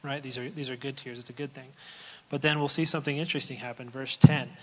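A man's voice: mid-range voice, little pitch movement, fast talker, sharp tone. Male pastor, casual sermon delivery with restarts, recorded with long hall reverb. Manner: conversational, with fillers and repeated words.

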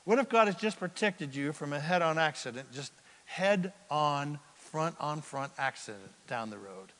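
A man preaching a sermon as pastor, swinging from loud bursts to hushed asides. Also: a little high, big-room sound.

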